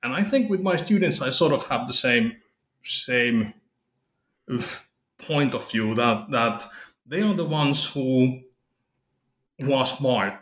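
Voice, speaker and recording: A man, an academic and author, answering interview questions thoughtfully and haltingly, with many restarts. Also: medium pitch, fairly bright tone. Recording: roomy echo.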